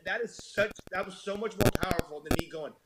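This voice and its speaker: An animated man telling stories as a podcast guest, acting out the voices of people he quotes. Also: high-pitched, fast, heavy background noise. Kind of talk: casual conversation.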